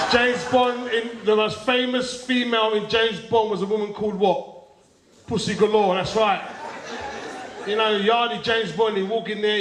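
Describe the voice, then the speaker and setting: Give me a playful Cockney stand-up host, high-voiced, in an echoey club. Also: male voice, a bit bright. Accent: Cockney London. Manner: chatty, playful, uses slang. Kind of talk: stand-up comedy. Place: live comedy venue. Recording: echoey live room with audience.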